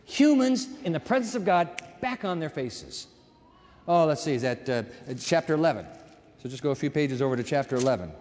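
A man preaching a sermon, reading Bible verses and breaking off into emphatic, animated asides. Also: fairly high pitch, a little fast, slight background noise. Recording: long reverb of a large hall.

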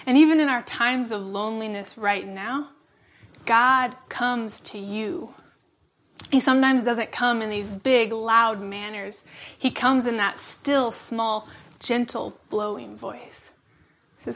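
A woman giving a reflective devotional sermon, laughing softly between phrases and dropping to a hush for emphasis. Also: on the high side, unhurried. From California. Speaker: preacher.

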